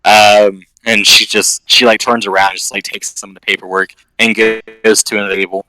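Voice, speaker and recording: A man narrates a tabletop game as its game master. His voice is bright and a little forceful, sitting on the low side, and it sounds dry and close. He rambles casually and fills the gaps with "um" and "like". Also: little pitch movement, normal speed, no room sound, poor audio.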